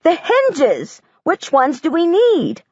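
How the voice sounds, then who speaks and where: A woman's voice: very high voice, wildly swooping pitch, takes it slowly, darkish tone, no room sound, highs cut off, voice pushed up, full character voice. A woman voicing an intense, literal-minded young girl who talks urgently and bluntly.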